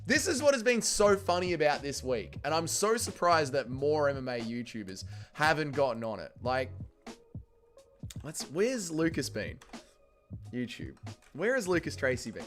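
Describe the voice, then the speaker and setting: An Australian man hosts a livestream, his fairly high voice swinging up and down as he rants and reads chat aloud. He talks in a rowdy, profane way, with faint music behind him. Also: very animated, normal speed. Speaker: livestream host. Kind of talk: casual livestream chat reading chat messages.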